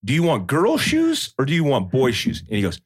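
Animated storytelling man, dry sound. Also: medium pitch, a little fast, husky, no echo. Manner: storytelling, animated, acts out quotes. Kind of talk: casual chat.

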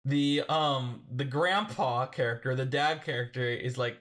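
A man co-hosting a podcast, chatting casually about a film with an animated, jokey manner. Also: medium pitch, measured pace, hardly any pauses. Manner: animated, jokey, acts out quotes. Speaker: podcast co-host. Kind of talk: casual movie discussion.

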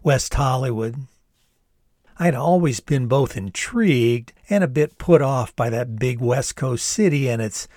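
A man's voice: medium pitch, darkish tone, no room sound, studio quality. Older man reading his own memoir. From the United States. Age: 60s. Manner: wry, conversational storytelling. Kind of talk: storytelling narration.

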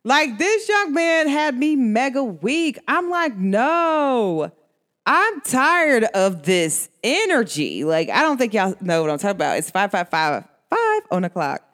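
A woman hosting an astrology podcast chats casually in a rambling, slangy way, laughing often. Her voice is a little high and very animated, moving at a moderate pace with few pauses.

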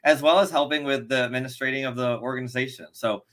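A man's voice: mid-range voice, fast talker. Easygoing man co-hosting a podcast. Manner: relaxed, many fillers like "you know". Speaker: co-host. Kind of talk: casual podcast chat.

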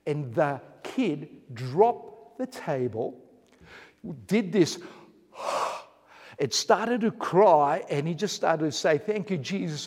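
A middle-aged man preaching a sermon, telling a story earnestly, with restarts and shifts between loud and quiet. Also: high voice, big-room sound. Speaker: pastor.

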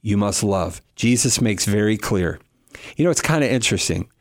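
A middle-aged man, a guest on a radio talk show, explaining Bible passages in a lively way and acting out quoted speakers. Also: on the low side, normal speed, dry recording, clean studio sound. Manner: animated, acts out quoted speakers. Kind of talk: casual talk on Bible teaching.

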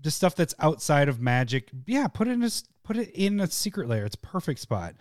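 Smooth-voiced giggly man co-hosting. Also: a little high, dry recording, clean studio sound. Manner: giggly, excitable, talks in quick bursts. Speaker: podcast co-host. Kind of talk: casual chat about card games.

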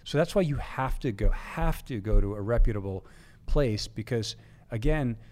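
A man's voice: mid-range voice, animated, normal speed, darkish tone. A man, a veteran and nonprofit co-founder, talking candidly as a podcast guest, with lots of casual fillers. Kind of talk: podcast interview conversation.

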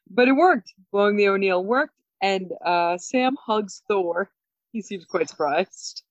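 A woman's voice: mid-range voice, slow pace, no room sound. Laughing woman recapping an episode. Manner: animated, laughs often, acts out lines. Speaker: podcast co-host. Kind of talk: casual episode recap chat. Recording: dull, dry sound.

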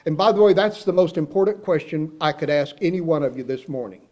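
A man's voice: a little high, fast talker, warm tone. A man preaching a sermon who retells the story and acts out the quoted speech, and who puts direct questions to his listeners.

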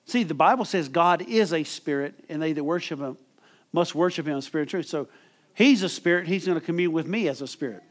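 A man's voice: a little high, a little fast. A middle-aged man preaching a sermon as pastor, emphatic and calling for amens from the congregation. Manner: emphatic preaching with call-and-response.

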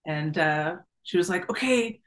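A middle-aged woman, a guest in an interview, telling a personal story in a lively, casual way, laughing often and acting out the voices of the people in her story. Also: fairly low pitch, moderate pace, low-quality recording. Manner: animated, laughs often, acts out quoted voices.

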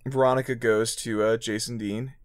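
A man co-hosting a casual movie chat, gravelly, rambling and hesitant with lots of fillers. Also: medium pitch, level tone, normal speed, dry recording, studio quality. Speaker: podcast co-host.

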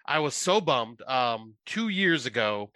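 A man's voice: mid-range voice, big pitch swings, slow pace, pushed and bright. A man co-hosting a podcast, chatting casually and supportively, laughing along. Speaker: podcast co-host. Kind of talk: casual film review chat.

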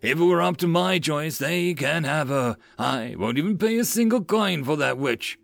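A man's voice: a little high, animated, moderate pace, vocal fry, a bit bright, no echo, pitched above the performer's own voice. A man voicing a spoiled, arrogant young male lord who rants indignantly in an audiobook. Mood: ranting. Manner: indignant ranting.

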